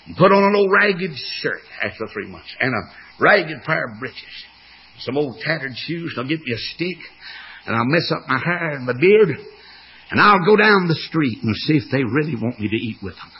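A man's voice: a little high, big pitch swings, normal speed, slightly rough, lo-fi sound, exaggerated voice. A preacher voicing a sorrowful old king in rags. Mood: musing.

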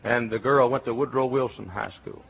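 A middle-aged man from Texas with a Texan accent, preaching a sermon as a pastor, telling stories and breaking into shouts. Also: medium pitch, moderate pace, creaky. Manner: animated storytelling, bursts into shouts and chants. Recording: tinny phone-like recording.

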